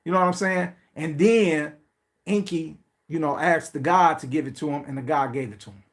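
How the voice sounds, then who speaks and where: Man, podcast host, casual profane rant, animated, high pitch. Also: moderate pace. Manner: animated, swearing, mocking pleading voices.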